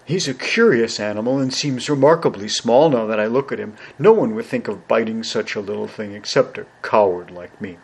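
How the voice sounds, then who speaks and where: A man's voice: on the low side, a little fast, vocal fry, hardly any pauses, breathy edge. A man doing a big cowardly storybook lion. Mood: mournful. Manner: loud, stammering, mournful. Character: big timid male lion, sorrowful.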